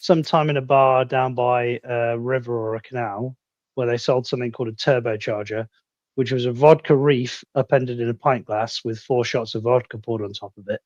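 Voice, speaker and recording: A British man in a casual live chat, telling a rambling story with halting restarts. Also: mid-range voice, steady tone, a little mellow, dry recording, highs cut off. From Britain.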